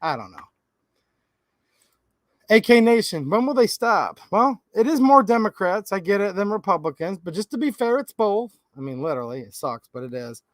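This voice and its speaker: A man's voice: high voice, very animated, normal speed, no echo. A man hosting a casual livestream, ranting and answering viewers by name. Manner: ranting, reads out viewer names. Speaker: livestream host.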